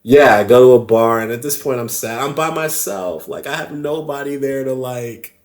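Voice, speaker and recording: A man telling a story on a podcast, animated and laughing often, swearing casually. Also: mid-range voice, moderate pace. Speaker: podcast guest.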